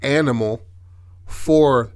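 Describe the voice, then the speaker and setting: A man's voice: mid-range voice, drawn-out words, a little mellow. A man hosting a podcast in casual chat, laid-back and profane, often checking in with "right?". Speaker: podcast host.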